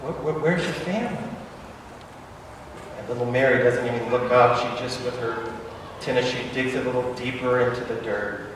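A man's voice: mid-range voice, flat delivery, brisk, far from the mic, background noise. Dramatic preacher man in an echoey hall. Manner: dramatic, stammered repetitions, swings between loud and hushed. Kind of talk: sermon storytelling.

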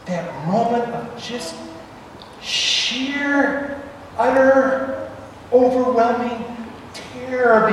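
A man preaching, telling a story dramatically with stammered repetitions, swinging between loud and hushed. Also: sits high, a little hiss or hum. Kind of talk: sermon storytelling. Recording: echoey hall, voice from far off.

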